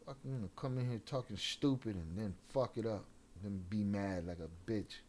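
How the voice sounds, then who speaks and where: A man's voice: lowish voice, moderate pace, darkish tone, slight background noise. A young adult man hosting a livestream, ranting profanely at commenters and mixing in Spanish slang. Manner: profane, confrontational, talking back to chat. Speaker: livestream host. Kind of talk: casual livestream rant.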